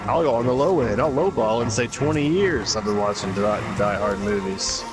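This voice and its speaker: A man's voice: mid-range voice, lively intonation, moderate pace. A man streaming a game, chatting casually in a rambling, profane storytelling way. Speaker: gaming streamer. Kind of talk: casual chat while gaming. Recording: voice over loud game music.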